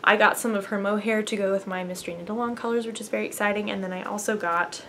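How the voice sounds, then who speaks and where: A woman's voice: medium pitch, steady tone, fast, fairly bright tone. Young woman chatting about yarn at home, bubbly, lots of ums, faint room hum. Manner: chatty and bubbly, fillers and laughs, talks to her cat. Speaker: knitting podcast host. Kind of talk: casual chat to camera. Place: apartment at home.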